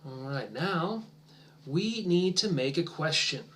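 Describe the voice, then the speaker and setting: A man gives a demo English lesson to teachers at a fairly high pitch with lively intonation. He encourages the class in a drawn-out way and drops to soft near-whispers while waiting for their answers.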